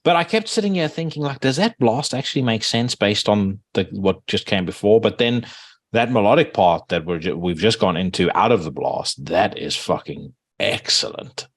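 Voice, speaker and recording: Podcast host, male, low voice, dry close sound, casual and animated. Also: normal speed, no room sound. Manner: animated, swearing, laughing, many restarts. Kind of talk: casual music review chat.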